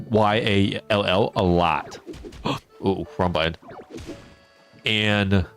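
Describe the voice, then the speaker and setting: A man streaming a farming game, chatting casually with his viewers, answering chat and laughing often. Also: lowish voice. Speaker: teacher. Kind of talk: casual live-stream chat while gaming.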